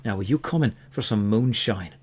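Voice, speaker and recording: A man's voice: on the low side, moderate pace, a little mellow, slightly rough, pitched below the performer's own voice. A man voicing a frail, shifty white-haired male elf with an Irish manner, pushy and impatient. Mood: huffy.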